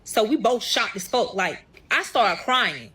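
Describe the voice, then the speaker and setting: A woman's voice: mid-range voice, big pitch swings, a little slow, pushed and bright, slight background noise. A young woman telling a story to camera in a casual storytime style, swearing often and calling her viewers y'all. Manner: profane, addresses viewers as y'all.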